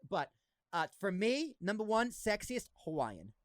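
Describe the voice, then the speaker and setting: A man's voice: high-pitched, very animated, a little slow, dry recording, studio quality. A young man from Boston with a slight Boston accent, hosting a casual podcast chat and cracking jokes as he talks over his guest. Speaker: podcast host.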